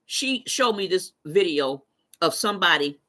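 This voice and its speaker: A woman chatting on a live stream, her bright voice swinging widely up and down as she tells stories. She laughs often and answers her viewers' comments as she goes. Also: on the low side, a little slow. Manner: animated storytelling, laughs often; talks back to chat readers. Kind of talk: casual live-stream chat.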